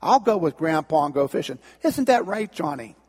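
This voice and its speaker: A man putting on a bossy little girl's voice, high and sly. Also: big pitch swings, moderate pace, darkish tone, breathy edge, big-room sound. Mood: wheedling. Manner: wheedling, taunting.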